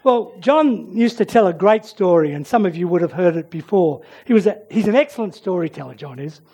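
A preacher giving a sermon and prayer who tells stories dramatically, swinging from loud emphasis to soft near-whispers. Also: mid-range voice, expressive, fairly quick, husky.

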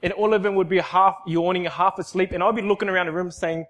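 A man giving an emotional church testimony, emphatic and repetitive, swinging from loud outbursts to soft, hushed lines. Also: high-pitched, normal speed, few pauses, slight background noise. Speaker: speaker giving a personal testimony.

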